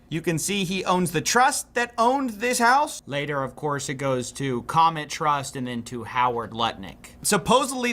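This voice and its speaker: Male stream commentator, high and sharp tone, indignant and sarcastic. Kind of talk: livestream political commentary.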